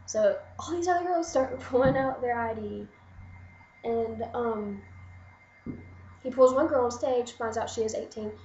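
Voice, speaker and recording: A young adult woman vlogger telling a story in an excited, rambling way, full of "like". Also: fairly high pitch, reverberant, lo-fi sound, slight background noise. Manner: excited, rambling, gushing, lots of "like". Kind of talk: casual storytelling to camera.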